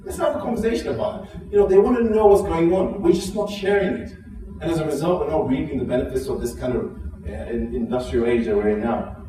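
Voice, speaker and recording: A man's voice: fast talker, slight background noise. Man from Zimbabwe giving an echoey keynote. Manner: animated storytelling, acts out quoted dialogue with pitch jumps; frequent restarts and filler words. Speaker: keynote speaker. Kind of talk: conference keynote speech. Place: large conference hall. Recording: echoey hall, voice from a distance.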